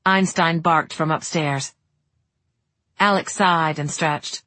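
A woman reading a novel aloud in steady audiobook narration. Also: low voice, takes it slowly, long pauses, no echo.

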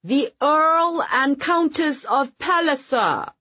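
A woman voicing a formal butler who announces guests in a booming, ceremonious voice. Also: expressive, moderate pace, breathy edge, dry recording, lo-fi sound. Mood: announcing.

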